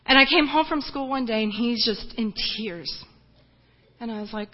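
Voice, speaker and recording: Woman missionary, earnest testimony, emotional and halting, fairly high voice, dull lo-fi sound. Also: steady tone. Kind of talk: personal testimony talk.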